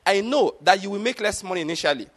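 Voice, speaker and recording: A man's voice: high voice, animated, fast. A middle-aged man preaching a sermon, emphatic and often checking that his listeners follow. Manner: emphatic, repeatedly asks the congregation if they follow. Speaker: pastor.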